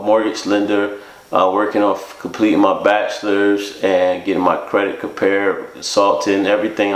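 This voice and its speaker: Man telling his story casually, echoey room. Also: lowish voice. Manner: casual, acts out quoted voices. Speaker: interview guest. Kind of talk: candid storytelling.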